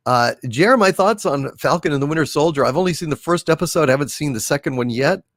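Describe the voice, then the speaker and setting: A man's voice: on the high side, lively intonation, a bit bright, no room sound, clean studio sound. A man hosting a casual livestream, reading out viewer messages and answering them in a blunt, profane way. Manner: blunt and profane, drawn-out emphatic delivery. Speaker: livestream host.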